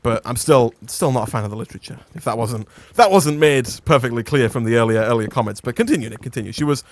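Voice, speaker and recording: A man's voice: mid-range voice, fast talker, dry recording. A young English man hosting a casual gaming chat who rambles into playful rants and laughs often. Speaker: gaming channel host.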